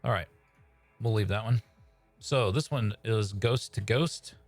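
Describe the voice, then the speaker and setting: Man hosting a casual live stream, hesitant and low-pitched, faint music behind. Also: unhurried. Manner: hesitant, many fillers. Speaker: sketch writer and stream host.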